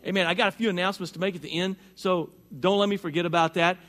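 A man's voice: sits high, steady tone, fast, fairly bright tone, faint music behind. A middle-aged male pastor preaching a sermon in a folksy, chatty way, his voice strained by allergies and talking back and forth with the congregation.

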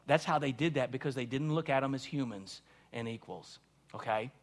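A man's voice: mid-range voice, fairly quick. A man, a pastor, preaching a sermon with emphatic delivery and frequent "see?" and "right?" to the congregation.

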